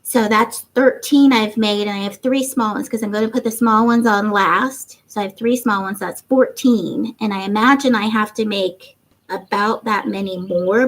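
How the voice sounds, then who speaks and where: A woman's voice: mid-range voice, steady tone, normal speed, poor audio. A middle-aged woman hosting a craft livestream, chatting casually and reading out viewers' comments. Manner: chatty, warm, reads viewer comments aloud.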